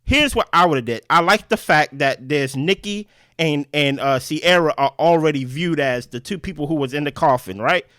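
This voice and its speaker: Fast and animated, this podcast co-host walks through a game strategy in a relaxed recap, sprinkling in "right?" His voice is fairly high, and the close, dry recording has no echo.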